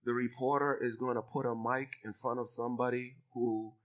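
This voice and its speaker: A man in his fifties from Boston, preaching a sermon as a bishop with lively delivery and call-and-response to his congregation. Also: mid-range voice, fairly quick, muffled recording. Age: 50s. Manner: animated preacher, acts out voices, calls for response from the congregation.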